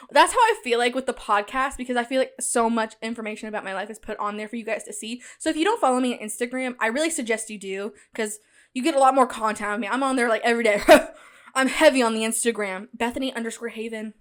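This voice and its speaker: A young woman in college hosting a casual solo podcast, talking chattily and animatedly straight to her listeners, with a loud cackling laugh. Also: a little high, quick pace. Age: young adult. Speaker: podcast host.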